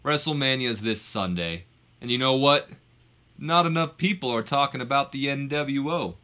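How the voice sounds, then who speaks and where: A man's voice: medium pitch, moderate pace, pushed and bright, close to an everyday voice. A man voicing a smug, menacing wrestler in a taunting tone.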